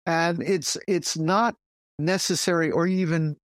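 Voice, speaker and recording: A man with a French accent, a Zen teacher talking through ideas on a podcast, stressing points with pauses. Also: fairly high pitch, no echo, clean studio sound. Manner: animated, pausing to stress points.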